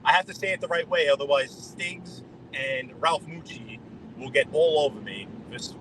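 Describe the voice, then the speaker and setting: A man's voice: fairly high pitch, moderate pace. A man, chatting casually with live-stream viewers while driving, greeting them by name and rambling between topics. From New York. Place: inside a car on the road. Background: road and traffic noise.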